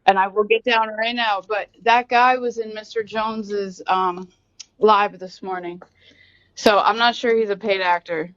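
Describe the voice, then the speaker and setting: A woman's voice: medium pitch, steady tone, a little slow, fairly bright tone, no room sound, dull audio. A woman calling into a live stream, earnest and apologetic. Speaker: caller. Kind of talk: casual call-in chat.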